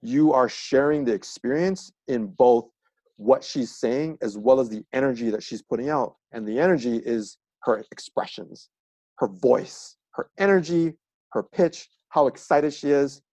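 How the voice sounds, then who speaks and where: A man's voice: medium pitch, measured pace, a little mellow, no room sound. A man appearing as a coach guest on a podcast, explaining earnestly and with examples in a casual chat.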